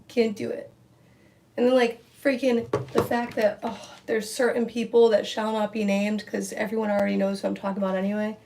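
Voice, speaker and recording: A young woman talks straight to her livestream from a room at home, blunt and full of fillers, cursing freely as she vents. Her voice has a gravelly, fry-laced texture at an ordinary middle pitch. A faint hiss sits under the recording. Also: fairly even intonation, a little fast, darkish tone. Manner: frank, swears freely, many fillers. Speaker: livestream host. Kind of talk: casual ranting while doing makeup.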